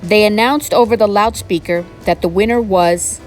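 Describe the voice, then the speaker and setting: A woman reading a children's picture book aloud in an animated, expressive storytelling manner. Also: medium pitch, moderate pace, faint music behind. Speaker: storybook reader.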